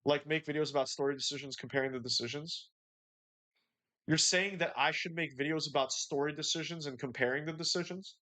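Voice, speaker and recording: A man hosts a casual gaming livestream in a laid-back, slangy way, reading chat messages and answering them one by one. His voice sits slightly higher than most men's. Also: fairly quick, pushed and bright. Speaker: livestream host.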